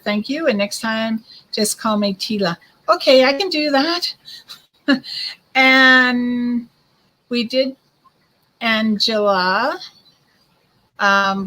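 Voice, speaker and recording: A woman's voice: fairly high pitch, sharp tone, low-quality recording. A woman giving chatty, reassuring card readings to viewers on a live online stream as host. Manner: chatty, reassuring, calls viewers hun and girl. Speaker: psychic card reader.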